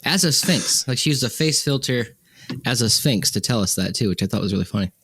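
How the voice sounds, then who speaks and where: A man's voice: mid-range voice, animated, fairly quick, a bit bright, husky, no echo. A man from Wyoming co-hosting a podcast in casual chat, joking and poking fun at himself as he tells stories. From Wyoming, USA. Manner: joking, self-mocking storyteller. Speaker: podcast co-host.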